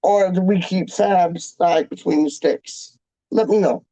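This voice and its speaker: A man's voice: sits high, a little slow, warm tone, no room sound, poor audio. A young man hosting a fan channel, chatting casually to viewers in a rambling, slangy way that repeats itself.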